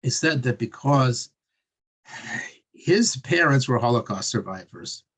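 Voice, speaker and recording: A man telling a religious story in an earnest, conversational way with many pauses. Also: medium pitch, expressive, fairly bright tone, breathy edge.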